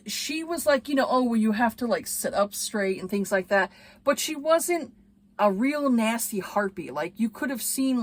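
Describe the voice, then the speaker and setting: A woman chatting casually in a book review video, lively and full of fillers, acting out lines from scenes she describes. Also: medium pitch. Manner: chatty and animated, acts out quoted lines, many fillers.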